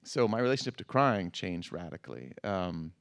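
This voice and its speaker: Middle-aged man, conversational, halting delivery with restarts and laughs. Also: deep voice, sing-song, gravelly, a bit bright. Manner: halting, repeats words, laughs often. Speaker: guest. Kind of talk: conversational interview.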